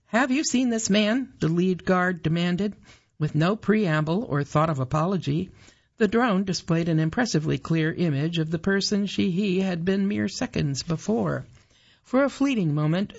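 A woman narrating an audiobook in a measured, even storytelling manner. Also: fairly low pitch, lo-fi sound. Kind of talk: scripted narration.

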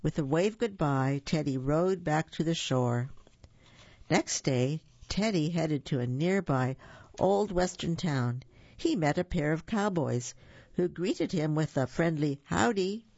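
A storyteller reading a children's picture book aloud with animated warmth, stumbling over a word now and then. The voice carries a gravelly texture. The sound is dry and somewhat dull. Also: mid-range voice, a little slow, no room sound. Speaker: storybook reader.

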